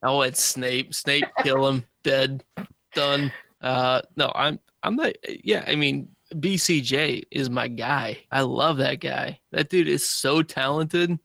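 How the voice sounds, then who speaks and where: Gravelly young man, playful podcast chat. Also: medium pitch, slow pace, sharp tone, no echo, studio quality. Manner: playful, laughs often, enthusiastic. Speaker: podcast co-host. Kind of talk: casual chat.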